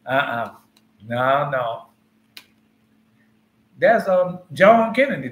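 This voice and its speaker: A man's voice: on the high side, normal speed, long pauses, pushed and bright. A man giving informal Bible teaching, talking loosely and conversationally and quizzing his listeners. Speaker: preacher. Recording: echoey room.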